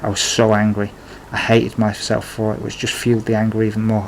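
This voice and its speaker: A man's voice: fairly low pitch, completely flat delivery, moderate pace, darkish tone, a little hiss or hum, low-quality recording. A man narrating his own life story in a plain, confessional way, with blunt swearing. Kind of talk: memoir storytelling.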